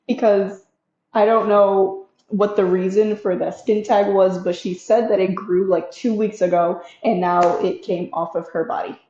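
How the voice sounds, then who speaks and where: A woman's voice: mid-range voice, mellow. A woman who works as a waxer, telling a work story in casual chat, laughing between lines. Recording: roomy, dull sound.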